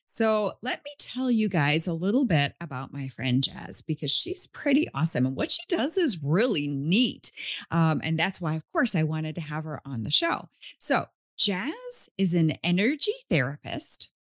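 Woman, podcast host, effusive, lively pitch, dry close mic. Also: moderate pace, no echo. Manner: upbeat and effusive. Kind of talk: podcast interview intro.

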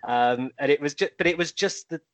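A man's voice: fairly high pitch, fairly quick, a bit bright, dry recording. A man on a chat panel, telling an anecdote with plenty of ums and hesitations. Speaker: panel guest.

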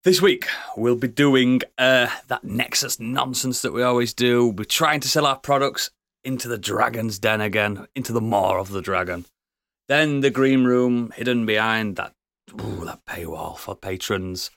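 A man's voice: mid-range voice, normal speed, gravelly, fairly bright tone, no room sound, clean studio sound. A man hosting a podcast, introducing his co-hosts with teasing jokes in casual banter. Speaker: podcast host.

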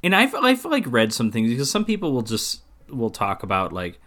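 A man co-hosting a podcast, casually recapping a movie plot in a rambling, filler-heavy way with quick laughs. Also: medium pitch, wildly swooping pitch, fairly bright tone. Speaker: podcast co-host.

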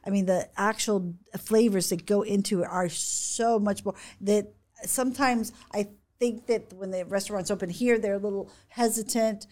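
A woman speaking in a casual conversation at a mid pitch. She halts and restarts often as she searches for words. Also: fairly even intonation, darkish tone. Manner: halting, many restarts. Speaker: guest from the international department. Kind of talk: casual chat.

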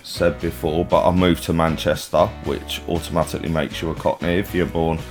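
A man's voice: deep voice, little pitch movement, brisk, soft background music. A man with a London accent co-hosting a podcast, telling a story in a chatty way and laughing easily. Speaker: podcast co-host. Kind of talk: casual storytelling chat.

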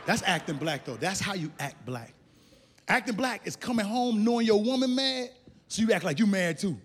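A man from Chicago performing a loud, animated stand-up set on a large theater stage, shouting into character voices. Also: sits high, normal speed, big-room sound, slight background noise. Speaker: stand-up comedian.

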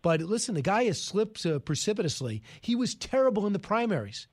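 This radio host's voice sits high with a sing-song lilt as he fields callers from the studio. His commentary is forceful and full of opinions, dotted with rapid side remarks.

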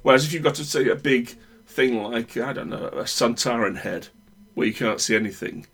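A man's voice: mid-range voice, normal speed, fairly bright tone. Chatty man with a northern English accent. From Northern England. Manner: opinionated, rambling with many restarts. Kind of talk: casual chat.

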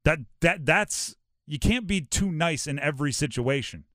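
Animated man riffing on sports. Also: fairly high pitch, moderate pace, no room sound, studio quality. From Hawaii. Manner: animated, rhetorical, acts out quotes. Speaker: sports talk host. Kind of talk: casual sports talk.

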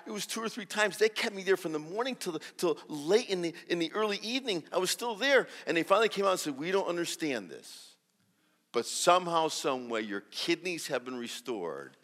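A man giving a sermon as a guest preacher, telling a story and acting out the dialogue with lively energy and many restarts. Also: a little high, fairly quick, big-room sound. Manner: animated, acts out dialogue, restarts often. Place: large church hall.

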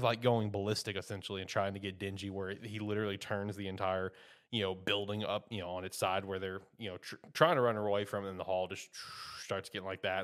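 A podcast host talks through the episode in a relaxed, rambling way. He leans on fillers and restarts and sounds easygoing. His voice sits a little on the low side. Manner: rambling, filler-heavy, loose and chatty. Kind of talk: casual anime episode recap.

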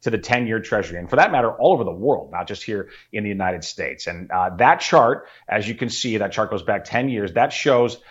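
A man's voice: on the low side, animated, fairly quick, few pauses, muffled recording. A man giving an earnest, explanatory economic commentary, often addressing the host by name.

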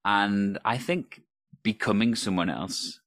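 Man, improv performer, lowish voice, earnest and enthusiastic, dry close sound. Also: takes it slowly, a bit bright, no room sound. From United Kingdom. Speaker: improv performer and podcast co-host. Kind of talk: conversational discussion.

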